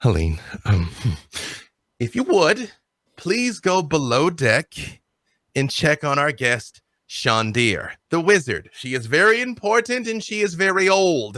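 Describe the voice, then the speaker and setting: A man's voice: on the high side, bright, forceful tone, no room sound, pitched above the performer's own voice, full character voice. A man voicing a brash female cat-folk ship captain with an imperious manner and a wavering put-on accent.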